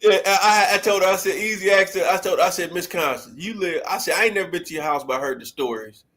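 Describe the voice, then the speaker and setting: Forties man, co-host; bright, lively storyteller who laughs a lot. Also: sits high, fast talker. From Detroit. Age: 40s. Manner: animated storyteller, laughs often, acts out quotes. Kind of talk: casual reminiscing chat.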